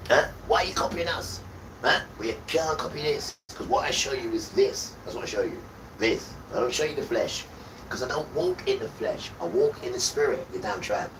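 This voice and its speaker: Scolding man, distant noisy mic. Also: medium pitch. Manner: scolding, repetitive, hurls insults. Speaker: livestream host. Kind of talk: ranting sermon-like monologue. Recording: distant mic with loud background noise.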